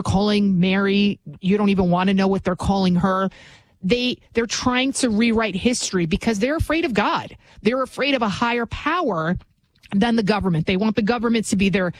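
A woman's voice: medium pitch, no room sound, rough recording. A woman delivers a fiery political monologue, emphatic and insistent. She repeats phrases for force and leans on rhetorical questions to pull the listener along. The recording is dry and close, with no room sound. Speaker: political commentator.

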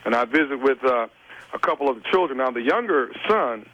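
A man's voice: medium pitch, animated, fairly quick, fairly bright tone. A man making a prank phone call while posing as a caseworker, speaking in a stern, formal way and stalling with many fillers. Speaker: radio prank caller.

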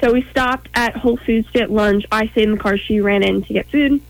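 A woman's voice: a little high, brisk, dry recording, low-quality recording. Earnest young woman, dry close sound. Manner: earnest, many ums and quoted thoughts. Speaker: interview guest. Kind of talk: personal story in an interview.

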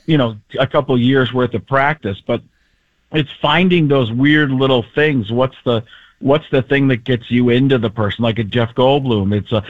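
A man's voice: medium pitch, dry recording. A playful male impressionist talking in a mid-range voice as a guest on a sports radio show. He sounds close and dry, and the dull broadcast audio takes the sparkle off his voice. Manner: quick, playful, jumping between voices. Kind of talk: radio interview.

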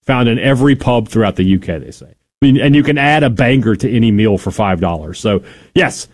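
A man's voice: mid-range voice, big pitch swings, fairly quick. A man co-hosting a sports talk radio show, joking and playful in casual banter.

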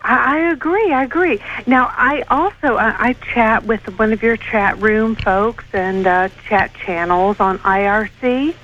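A woman phoning in to a radio show, talking slowly and haltingly, with lots of pauses. Her voice comes through a dull, lo-fi line with a faint hiss behind it. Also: a little high, fairly bright tone. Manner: hesitant, full of fillers and restarts. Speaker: radio caller. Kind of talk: phone-in chat.

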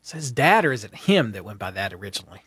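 A man's voice: fairly low pitch, sing-song, fast, a bit bright, husky, no room sound, studio quality. A man co-hosting a casual sports talk show, playful and teasing, ribbing his partner. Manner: playful, teasing, jumps into mock voices. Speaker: co-host.

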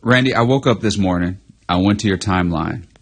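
A man's voice: sits low, fairly quick, breathy edge. A man co-hosting a sports radio show, teasing his colleague and laughing often.

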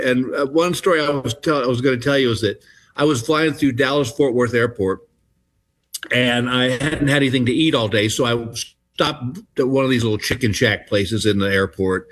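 A man's voice: mid-range voice, brisk, fairly bright tone. A middle-aged man, a comedian guest telling rambling anecdotes in a casual interview. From Texas. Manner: rambling anecdotes with restarts and acted-out voices.

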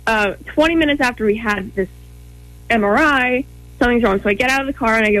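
A young woman earnestly telling a personal story as an interview guest, in quick short phrases with frequent ums. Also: on the high side, a bit bright, no room sound, low-quality recording.

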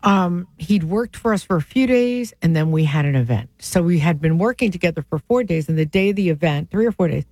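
A woman's voice: on the low side, animated, a little mellow, no room sound. A woman radio host, telling stories in casual on-air chat. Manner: chatty storyteller, quick asides. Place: radio studio.

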